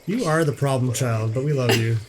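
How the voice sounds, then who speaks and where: A man's voice: medium pitch, fairly quick, background noise. A young man co-hosting a game let's play, joking, swearing and talking back to the game from home. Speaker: let's play co-host and player. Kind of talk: casual gameplay commentary.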